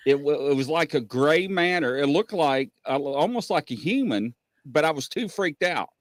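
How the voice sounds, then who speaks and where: Animated man hosting a live chat. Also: fairly high pitch, normal speed, dry recording, clean studio sound. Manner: animated storyteller, acts out voices. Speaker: host. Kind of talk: casual live-stream chat.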